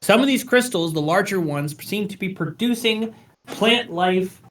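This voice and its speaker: A man's voice: high voice, expressive, unhurried, a bit bright, a little hiss or hum. A man running a tabletop game as game master, describing scenes with frequent ums. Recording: voice far from the mic.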